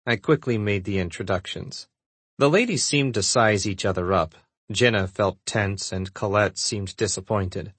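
A man narrating a romance novel in the first person, calm and measured. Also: lowish voice, breathy edge, dry recording. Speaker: audiobook narrator.

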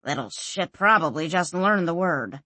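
A woman's voice: expressive, moderate pace, pushed and bright, dry recording. Woman voicing a grumbling, weary man. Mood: scornful. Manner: low, grumbling mutter. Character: weary, irritable grown man muttering curses. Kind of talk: audiobook character voice.

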